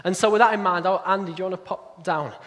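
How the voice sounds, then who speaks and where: High-voiced man preaching in an echoey hall. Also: fairly bright tone. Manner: conversational, self-deprecating, quick asides. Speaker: pastor. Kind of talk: sermon. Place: church hall.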